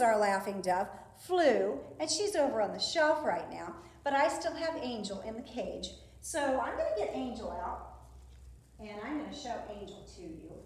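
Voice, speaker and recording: Chatty woman teaching kids in an echoey room. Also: a little high. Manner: gentle, chatty, talks to her pet doves. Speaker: park district program specialist. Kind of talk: educational talk for children.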